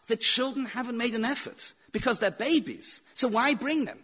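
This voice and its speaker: Animated, bright-voiced man giving a Torah lecture. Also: high-pitched. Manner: animated storytelling with repeated phrases and rhetorical questions. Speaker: rabbi teaching.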